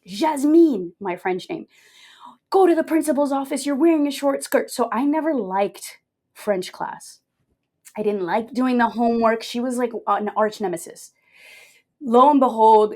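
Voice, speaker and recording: A young adult woman from Brazil, a podcast guest telling her story in a candid, jokey, animated way. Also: medium pitch. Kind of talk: casual interview storytelling.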